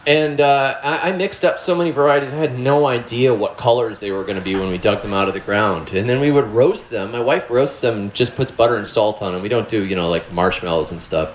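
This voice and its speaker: A middle-aged man gives a relaxed, joking talk to a live audience, rambling and conversational. His voice sits in a middle register. The room is echoey, with a faint steady noise behind him. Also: mid-range voice, brisk, hardly any pauses. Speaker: gardening presenter.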